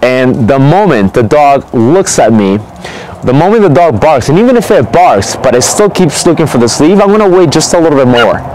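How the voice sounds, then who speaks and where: A man, a dog trainer, explaining a technique in relaxed, conversational talk, often checking in with "okay?". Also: a little high, moderate pace, slight background noise, poor audio. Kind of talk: casual instructional talk.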